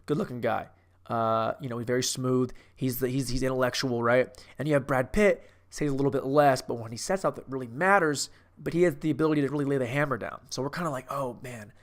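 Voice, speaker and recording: A man in his thirties giving a brash, profane and rambling comedic movie review. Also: medium pitch. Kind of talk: casual comedic rant.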